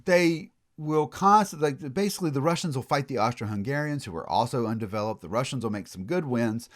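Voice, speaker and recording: A man's voice: medium pitch, animated, fairly quick. A man giving a recorded college history lecture, telling it as a story with casual asides and frequent restarts.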